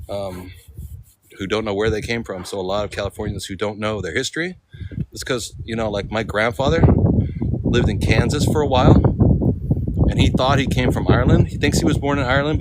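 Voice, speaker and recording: A man talking casually as he walks through a city for a vlog, rambling and laid-back, laughing often and using slang. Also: lowish voice. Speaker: vlogger. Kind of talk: casual walking vlog chat. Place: city streets outdoors. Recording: outdoor street noise behind.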